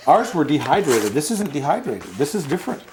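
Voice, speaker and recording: A man's voice: fairly high pitch, very animated, moderate pace, noisy background. A middle-aged man co-hosting a homebrewing show in casual, jokey chat. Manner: jokey, playful, reminiscing.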